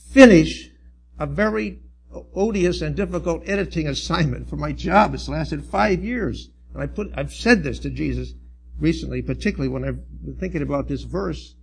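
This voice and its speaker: A middle-aged man, a church elder, preaching a sermon in an earnest, halting way with restarts and emphatic swells. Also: on the high side, vocal fry, slightly rough.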